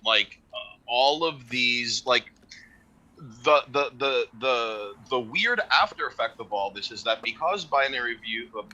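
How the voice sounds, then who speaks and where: A man's voice: medium pitch, expressive, a little slow, pushed and bright, rough recording. A man hosting a casual stream discussion, rambling and restarting his points. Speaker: stream host.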